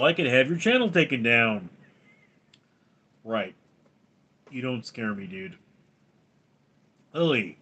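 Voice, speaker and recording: A man's voice: medium pitch, fairly bright tone, lo-fi sound. A man hosting a livestream, reading viewers' names and questions aloud and answering them with jokes. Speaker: livestream host. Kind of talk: casual livestream chat reading.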